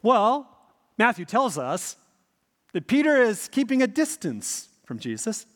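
A pastor preaching a sermon, with a very lively and animated delivery that tells the story vividly and repeats each point. His voice sits fairly high for a man. A long church-hall reverb trails every phrase. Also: a little slow.

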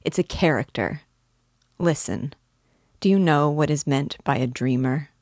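A woman's voice: low-pitched, unhurried, darkish tone, no echo, studio quality. A woman reading the part of a shy, solitary young man who talks earnestly and with some hesitation, in an audiobook.

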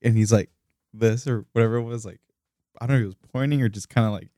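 A man's voice: mid-range voice, fast talker, mellow, no room sound, clean studio sound. A man co-hosting a podcast, hesitantly describing movie scenes with many fillers. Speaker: podcast co-host. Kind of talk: casual movie discussion.

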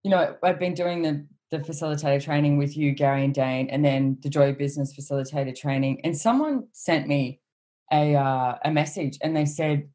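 Woman, encouraging co-host, very low pitch, mellow tone. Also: brisk. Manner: enthusiastic, encouraging, talks to the audience. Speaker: co-host and facilitator. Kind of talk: casual chat.

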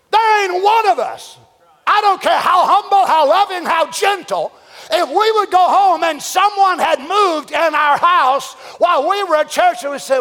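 A man preaching a sermon, swinging between folksy storytelling and shouted, drawn-out exhortation. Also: extremely high pitch, animated, long reverb tail. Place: church sanctuary.

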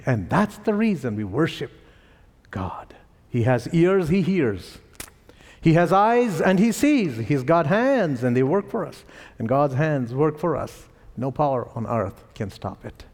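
Indian-accented male pastor, higher-pitched, lively sermon delivery, church reverb. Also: a little slow. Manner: animated storytelling with chuckles. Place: church sanctuary.

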